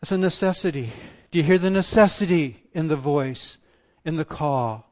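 A man preaching a sermon as pastor, full of passion and rhetorical questions, his voice swinging from loud to hushed. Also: a little high, animated, normal speed, dull audio.

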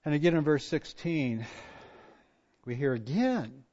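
A pastor preaching a sermon, swinging from hushed asides to loud emphatic points. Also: male voice, on the high side, very animated, unhurried, long pauses. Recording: dull lo-fi church recording.

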